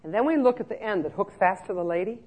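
A middle-aged woman giving a lively conference talk to care staff, telling stories and checking in with her listeners. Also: mid-range voice, fast, breathy edge. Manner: lively storyteller, checks in with "okay?" often. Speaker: speaker on nursing home care. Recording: muffled lo-fi recording.

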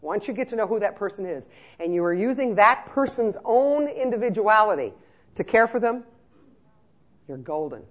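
A trainer giving a lively, joking talk to care-home staff, acting out scenes as they speak. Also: medium pitch, moderate pace.

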